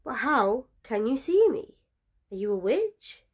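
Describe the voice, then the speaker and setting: A woman's voice: fairly high pitch, very animated, takes it slowly, full character voice. A woman voicing a small, sadistic male fae creature who questions insistently and suspiciously.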